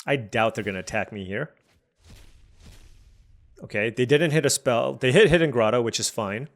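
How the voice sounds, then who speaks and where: A man's voice: mid-range voice, normal speed. A man streaming a digital card game, chatty and musing aloud over each play as he weighs his options. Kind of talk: thinking aloud while playing.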